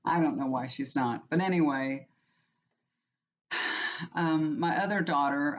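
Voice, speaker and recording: A woman, chatting to her viewers in a rambling, heartfelt way full of restarts. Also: low-pitched. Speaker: tarot reader and channel host. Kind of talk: casual personal chat to viewers. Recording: muffled lo-fi recording.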